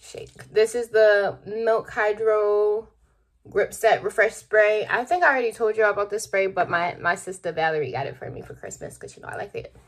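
A woman's voice: medium pitch, normal speed. A young woman chatting casually to her viewers in a loose, rambling vlog, talking to them as "y'all". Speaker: vlogger. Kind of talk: casual vlog chat to camera. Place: at home, then in a car.

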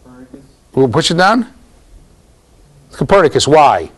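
A man lecturing a university class in a lively, jokey way, talking straight to the students. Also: medium pitch, moderate pace. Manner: animated, jokey, talks to students directly.

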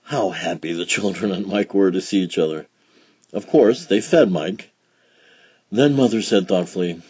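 A man reading a children's picture book aloud in a slow, expressive, gentle storytelling manner. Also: low voice, breathy edge, no room sound. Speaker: storybook reader.

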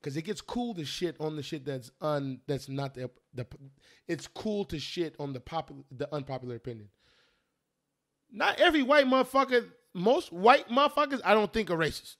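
Young man hosting a casual podcast, high voice, profane, rambling, restarts a lot, a bit tipsy from drinking. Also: moderate pace. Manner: rambling, profane, restarts often, animated storytelling. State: has been drinking. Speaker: podcast host. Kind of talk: casual chat.

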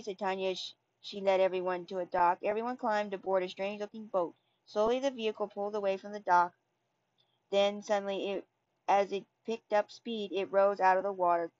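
A woman reading a storybook aloud, halting and restarting over words. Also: mid-range voice, fairly even intonation, darkish tone. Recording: dull lo-fi recording.

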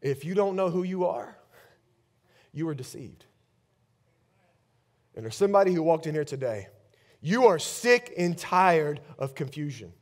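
A man preaching a sermon as pastor, shifting between fervent declarations and quiet, intense emphasis. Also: fairly high pitch, expressive, measured pace, long pauses. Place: church.

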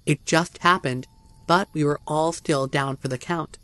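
A man's voice: fairly high pitch, steady tone, unhurried, pushed and bright, dry recording. A man reading a first-person horror story aloud as a narrator, tense and dramatic.

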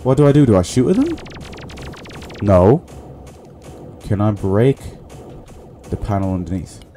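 A man with a low, mellow voice speaks slowly as he plays a video game. He keeps up a muttered running commentary for his viewers over faint background music. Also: big pitch swings. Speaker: gaming channel host. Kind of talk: casual let's-play commentary.

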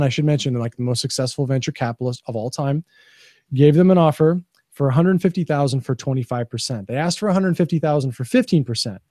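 A man hosting a podcast, giving opinionated, animated commentary in casual chat. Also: mid-range voice, no room sound, clean studio sound. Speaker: podcast host.

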